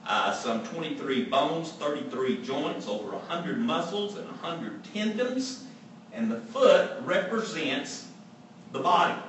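A man's voice: a little high, animated, unhurried, fairly bright tone. A man preaching a sermon in an earnest, emphatic way, repeating his key phrases for weight. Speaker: pastor. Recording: echoey room, from far off, faint background hum.

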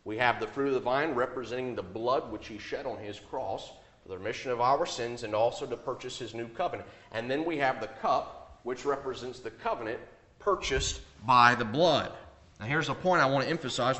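A man preaching a sermon, emphatic, rising on key points and dropping low on asides. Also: fairly bright tone. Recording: echoey room.

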